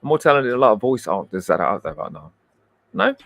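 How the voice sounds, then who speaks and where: A man's voice: medium pitch, very animated, fast talker, creaky, fairly bright tone, no echo. Brash, profane British man. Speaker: livestream host. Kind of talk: combative livestream commentary.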